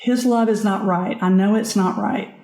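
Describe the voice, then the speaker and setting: A woman guest on a podcast, telling her own story in an earnest, halting way with frequent restarts. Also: medium pitch, steady tone, mellow. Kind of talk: candid personal storytelling. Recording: echoey room.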